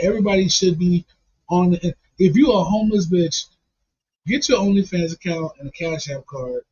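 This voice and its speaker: A man who talks low and soft in a flat, monotone way, riffing crude jokes in casual banter. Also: husky. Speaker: comedic podcast co-host. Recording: dull lo-fi recording.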